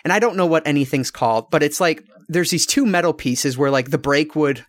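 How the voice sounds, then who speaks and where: A man's voice: fairly high pitch, brisk. A man from Michigan co-hosting a podcast, telling a long story in a rambling, casual way, swearing freely and restarting his sentences. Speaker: podcast co-host.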